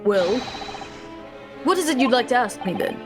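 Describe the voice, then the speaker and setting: A woman voicing a calm, eccentric male detective in a game, talking in a genial, unhurried way. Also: on the high side. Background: video game music.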